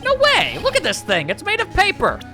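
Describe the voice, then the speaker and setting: A woman voicing an excitable teenage girl sidekick with a high, bouncy, squealing delivery. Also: brisk, soft background music, exaggerated voice. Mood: excited.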